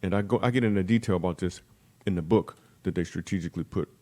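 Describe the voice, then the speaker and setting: Brief: male comedian guest on a podcast, rapid-fire storyteller with a lowish voice, jumps into quick character voices. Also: warm tone. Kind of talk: comic storytelling in a podcast interview.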